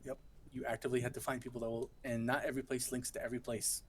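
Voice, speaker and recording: A mid-pitched Michigan American man. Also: racing, a little hiss or hum. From Michigan, USA. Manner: relaxed, explains game rules patiently. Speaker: lore guest coaching a gamer. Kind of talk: casual chat on a game stream.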